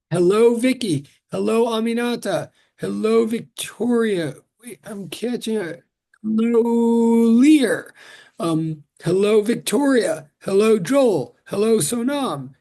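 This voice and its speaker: Chatty professor with a high, gravelly voice. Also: male voice, a little mellow. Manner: chatty, self-interrupting, joking. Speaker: physics professor. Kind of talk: casual online lecture greeting. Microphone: video call.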